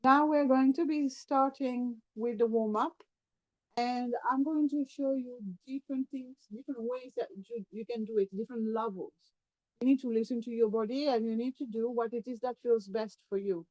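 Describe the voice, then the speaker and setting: A woman teaching a yoga class, calmly talking students through breathing and movements as she demonstrates. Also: on the high side, moderate pace, low-quality recording. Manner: calm, step-by-step guiding, demonstrating while talking. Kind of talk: guided yoga class instruction.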